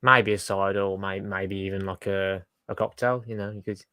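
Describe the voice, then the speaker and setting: A man's voice: low-pitched, fairly even intonation, moderate pace, pushed and bright, clean tone, dry recording. A man who is a guest on a podcast, talking in a hesitant, casual way that often trails off. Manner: hesitant, full of fillers and trailing off. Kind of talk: casual chat.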